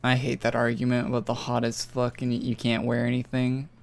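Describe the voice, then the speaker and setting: Young man, from northern Alberta, gravelly, rambling stream chat, repeats himself, faint music. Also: medium pitch, monotone, fairly quick. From northern Alberta, Canada. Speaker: gaming streamer. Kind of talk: casual live-stream chat.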